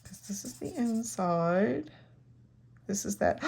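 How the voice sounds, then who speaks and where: Creaky and somewhat dark in tone, this middle-aged woman's medium-pitched voice is expressive and measured in pace. She demonstrates a craft while chatting and rambling, often making fun of herself in relaxed tutorial talk.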